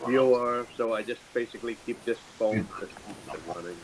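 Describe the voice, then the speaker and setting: A man in a casual chat who speaks hesitantly, with many pauses and fillers. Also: medium pitch. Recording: hissy background noise.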